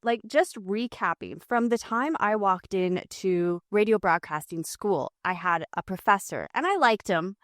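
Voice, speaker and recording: A woman with a French accent talks through her own stories in a candid, rambling way, like a co-host settling into a rant. Her pitch sits in an ordinary middle range. The sound is dry and close, with no room around it. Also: animated, measured pace, few pauses, a bit bright, no echo. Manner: candid storytelling, long rants. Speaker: podcast co-host, former radio host. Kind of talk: casual chat.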